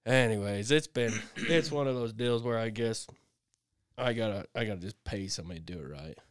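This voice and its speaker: A middle-aged man co-hosting a podcast, telling a rambling, animated story in casual chat, full of restarts and sound effects, on a close mic. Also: fairly low pitch, a little fast, clear, resonant tone, no echo. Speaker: podcast co-host.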